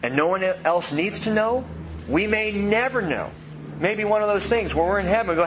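A man preaching a sermon, animated, swinging from loud emphatic lines to soft hushed ones. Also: high voice, normal speed, lo-fi sound, noisy background. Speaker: pastor.

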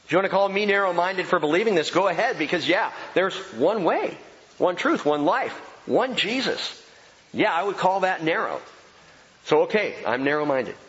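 Animated preaching man in a reverberant hall. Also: sits high, normal speed. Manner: emphatic, animated preaching with repetition. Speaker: pastor. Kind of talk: sermon. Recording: dull sound with long hall reverb.

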